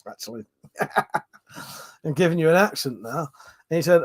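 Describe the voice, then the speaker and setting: A man's voice: high voice, expressive, measured pace, pauses often, pushed and bright. A man hosting a casual live stream, reading out viewer comments in a rambling, sweary, jokey way, yawning and short of breath.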